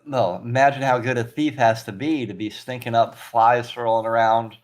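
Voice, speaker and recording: A man chatting as a player in a tabletop game, describing his character's actions with animated storytelling and laughing often. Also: medium pitch, normal speed. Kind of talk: casual tabletop game chat.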